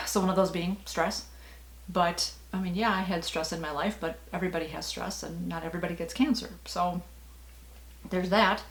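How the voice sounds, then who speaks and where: Middle-aged woman, lowish voice, casual rambling vlog talk, lots of fillers, echoey room. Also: fairly bright tone. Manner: chatty, rambling, frequent fillers and laughs. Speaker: vlogger.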